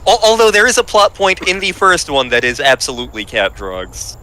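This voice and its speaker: Animated guy on a gaming call, bouncy voice, bright and a bit higher. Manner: animated, joking, quick self-interruptions. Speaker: co-host playing a game. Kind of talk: casual chat while gaming.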